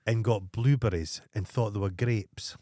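A man's voice: fairly low pitch, fairly even intonation, normal speed, mellow, dry recording. Scottish male podcast co-host, mocking and foul-mouthed, dead dry recording. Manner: teasing, swears freely, acts out anecdotes. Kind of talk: casual banter.

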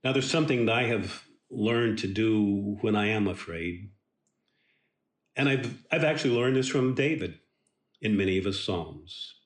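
Man, devotional Bible teaching, slow and deliberate, emphatic, roomy echo. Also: lowish voice. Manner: slow, emphatic, earnest delivery.

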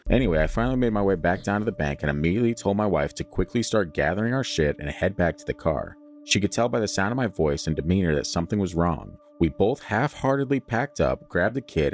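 A man on a podcast reading a listener's scary outdoor story aloud, breaking in with joking asides. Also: low voice. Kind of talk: casual storytelling chat.

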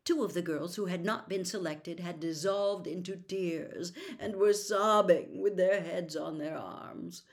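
A woman reading a novel aloud as a storyteller, narrating in a steady, expressive way. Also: lowish voice.

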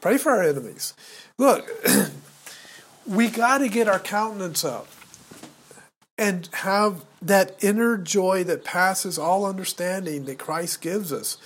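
A man's voice: sits high, slow, fairly bright tone. A man in his sixties co-hosting a podcast, preaching and exhorting listeners, repeating words when he gets heated. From United States. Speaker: podcast co-host.

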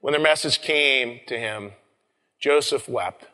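A man's voice: medium pitch, unhurried, pushed and bright. A male pastor giving a sermon in a conversational way, often repeating words and calling his listeners folks. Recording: long reverb of a large room.

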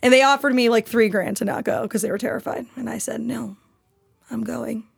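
A woman's voice: on the high side, steady tone, a little fast, creaky, slightly rough. A young woman guest in a casual podcast chat, telling travel stories in an unfiltered, swearing way.

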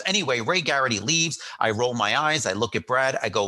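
A middle-aged man spinning a story in a casual interview chat. His voice is bright and forward, with lively swings in pitch. He acts out quoted lines and often restarts his sentences as he goes. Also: fairly quick. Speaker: guest.

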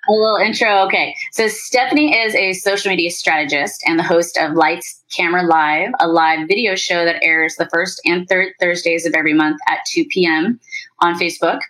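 A woman hosts a podcast in a casual, upbeat chat. She talks freely and laughs often, her voice sitting a little low for a woman. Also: fairly even intonation, moderate pace, a bit bright, poor audio. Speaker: podcast host.

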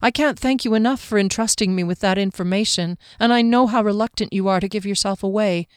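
A woman voicing a bold, impulsive young female sword fighter who speaks directly and warmly. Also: medium pitch, a little fast, clean tone, no room sound, studio quality, lightly acted.

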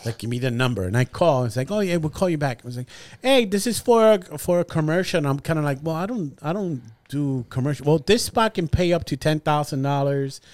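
A man in casual podcast chat tells stories with animated energy and loose swearing. His voice sits a touch high for a man. The sound is dry and close, with no room around it. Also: fairly quick, hardly any pauses, no room sound. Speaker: podcast co-host.

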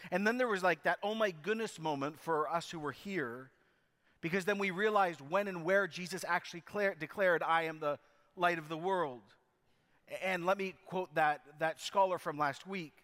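A man's voice: sits high, moderate pace, fairly bright tone, big-room sound. A man preaching a sermon as pastor, telling the story emphatically with frequent restarts.

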